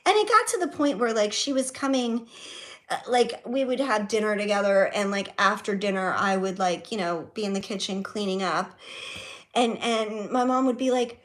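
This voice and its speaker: Lively, emphatic middle-aged woman vlogging. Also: sits high, moderate pace. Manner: emphatic, profane, rambling with fillers and repeats. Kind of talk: casual storytelling vlog. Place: her home.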